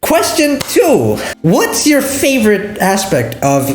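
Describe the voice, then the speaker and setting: A man interviewing his voice cast, hyper and excitable, often stumbling over his words. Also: high-pitched, slow pace, roomy sound, soft background music. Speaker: interviewer and show creator. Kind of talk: casual interview.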